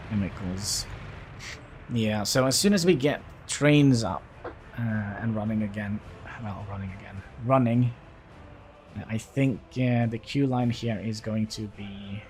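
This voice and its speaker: A man's voice: lowish voice, darkish tone, a little hiss or hum. A man livestreaming a city-building game, talking casually and hesitantly as he thinks aloud. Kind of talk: casual gameplay commentary.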